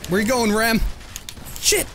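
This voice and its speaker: A young man giving live, excitable and profane commentary while he plays a shooter game, trash-talking the enemy players. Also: very high voice, measured pace, a little hiss or hum. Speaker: gameplay commentator.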